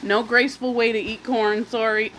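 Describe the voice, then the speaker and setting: A woman vlogger telling a storytime while eating, indignant and animated, with swearing and pauses to chew. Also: on the high side, a little hiss or hum. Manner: pauses to eat, chewing between phrases. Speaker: mukbang vlogger.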